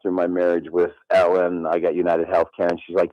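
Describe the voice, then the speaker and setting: Deep-voiced man in his sixties, dry close sound, swaggering raconteur. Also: fast talker, no echo, lo-fi sound. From Midland, Michigan. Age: 60s. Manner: boastful, animated storyteller acting out dialogue. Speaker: radio show guest. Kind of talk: casual storytelling chat.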